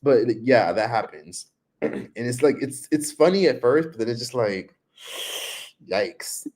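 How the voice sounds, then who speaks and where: A man's voice: sing-song, measured pace, a little mellow. A man chatting casually on a livestream into his laptop microphone, saying "like" often. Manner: chatty, frequent "like", mimics others in high voices. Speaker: livestream vlogger.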